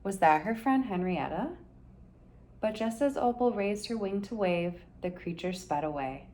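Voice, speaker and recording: A woman reads a children's picture book aloud. Her telling is gentle and expressive, easing into the quiet moments of the story. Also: medium pitch, a little slow. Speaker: storybook reader.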